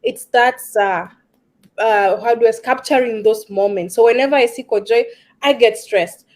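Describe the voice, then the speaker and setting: Earnest higher-voiced woman coach. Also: normal speed, a little mellow. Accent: East African. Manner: earnest, repeats words for emphasis, uses fillers like um. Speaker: stress management coach. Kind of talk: casual discussion.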